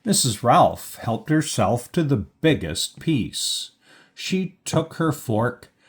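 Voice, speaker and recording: A man reading a children's picture book aloud, slow and lively, lifting his pitch for the characters' lines. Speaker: storybook reader.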